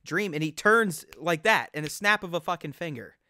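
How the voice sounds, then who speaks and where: A man's voice: on the high side, normal speed, no room sound, studio quality. A man in casual chat, ranting with lots of swearing and acting out quotes. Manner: profane, animated ranting with acted-out quotes.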